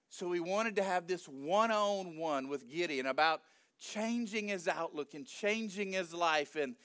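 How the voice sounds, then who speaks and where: Animated, smooth-voiced male preacher. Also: high voice. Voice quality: animated, conversational storytelling. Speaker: pastor. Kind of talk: sermon.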